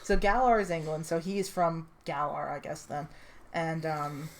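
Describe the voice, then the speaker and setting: Laid-back, low-voiced woman chatting. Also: steady tone, moderate pace, slight background noise. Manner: rambling, swears freely, laughs often. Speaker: character creator presenting her character. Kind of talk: casual chat.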